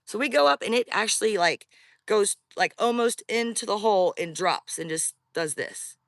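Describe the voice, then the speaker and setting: A woman tells her own eerie story in a loose, rambling chat, speaking straight to her audience. Her voice is bright and forceful. The recording is close and dry. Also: mid-range voice, expressive, moderate pace, no room sound. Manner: chatty, rambling, addresses viewers directly. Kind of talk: casual first-person storytelling.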